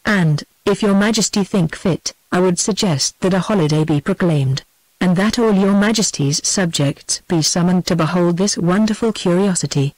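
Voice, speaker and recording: A woman's voice: fairly low pitch, normal speed, a little mellow, dry recording, low-quality recording. Perseus, a synthetic woman reading an earnest young hero. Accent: British English. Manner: formal, courtly speech. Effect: synthetic text-to-speech voice.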